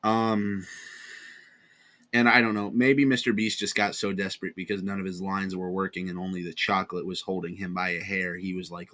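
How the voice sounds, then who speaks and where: A man's voice: low-pitched, little pitch movement, normal speed, fairly bright tone. A tired man with an American accent giving a rambling, sarcastic casual commentary on online drama, often correcting himself. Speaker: commentary channel host.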